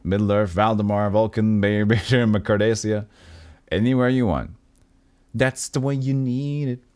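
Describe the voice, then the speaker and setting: Low-voiced man reading a game aloud. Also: fairly even intonation, normal speed, a little mellow, dry recording, studio quality. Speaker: streamer. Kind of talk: reading a role-playing game aloud on a livestream.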